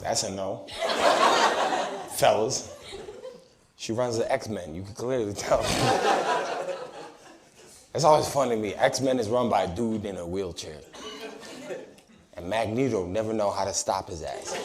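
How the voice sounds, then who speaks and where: A man doing crowd-work stand-up on a comedy club stage, brash and teasing, with loud bursts and mock apologies. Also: lowish voice, measured pace, long pauses, heavy background noise. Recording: live club recording, audience laughter.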